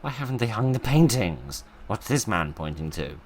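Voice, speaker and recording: A man's voice: on the low side, big pitch swings, moderate pace, a little hiss or hum. A man giving casual, wry commentary while playing a game, full of sarcastic asides. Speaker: let's play host.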